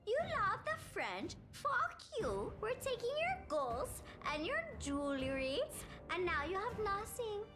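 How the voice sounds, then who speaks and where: A woman's voice: extremely high pitch, very animated, takes it slowly, hardly any pauses, music in the background, pitched above the performer's own voice, full character voice. A drunk woman voicing bullying male wartime officials who bark crude threats. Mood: hostile. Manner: shouty, blunt, crude. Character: bullying male wartime authorities, loud and rude.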